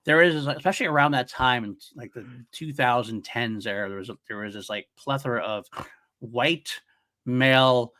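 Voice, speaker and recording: A man's voice: mid-range voice, normal speed, bright, forceful tone. A man co-hosting a podcast, chatting in a laid-back, hedging way. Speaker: podcast co-host. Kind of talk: casual chat.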